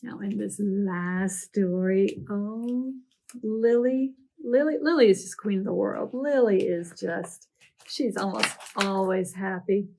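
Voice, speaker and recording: A woman librarian doing a storytime read-aloud for children, animated with gasps and playful asides. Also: mid-range voice, takes it slowly, gravelly, a little hiss or hum.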